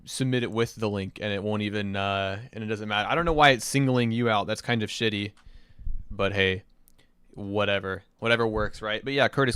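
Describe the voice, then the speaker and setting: A young man streaming live, reacting to listener-submitted songs and chatting with his viewers in a casual, excitable way that includes swearing. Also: fairly low pitch, clear, resonant tone, no echo, clean studio sound. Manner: enthusiastic, chatty, swears casually, reads chat aloud. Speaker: streamer reviewing submitted music.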